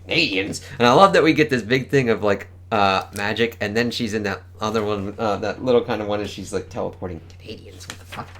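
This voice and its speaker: A man's voice: on the low side, brisk, hardly any pauses, fairly bright tone. A man casually reviewing a comic book, enthusiastic and swearing often as he reads panel dialogue aloud.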